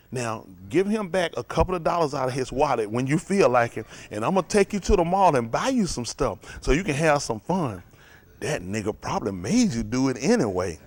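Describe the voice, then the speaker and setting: A man pastor preaching a sermon, animated and acting out voices. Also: mid-range voice, fairly quick. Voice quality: animated preaching with acted-out voices, laughing and shouting at times.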